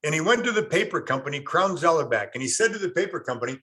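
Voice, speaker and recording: Teaching real estate online, this man talks quickly with few pauses, his voice on the high side with lively intonation and a sharp tone. He tells stories, acts out quotes from people, and tests students with questions in the chat.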